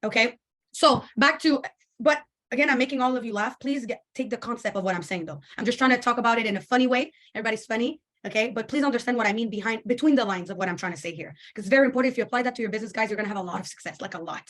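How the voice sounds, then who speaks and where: A woman leading a motivational team call over video, animated and acting out the voices she quotes. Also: on the high side, rapid-fire. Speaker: network marketing team leader.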